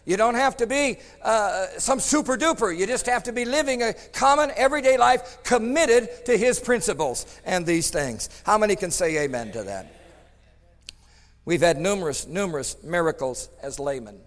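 A man preaching a storytelling sermon, swinging between loud emphatic bursts and hushed tones. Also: high-pitched, animated, normal speed, big-room sound.

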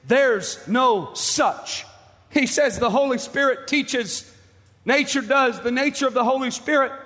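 High-voiced man preaching in a reverberant hall. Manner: impassioned, pleading, rising to shouts. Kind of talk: fiery sermon.

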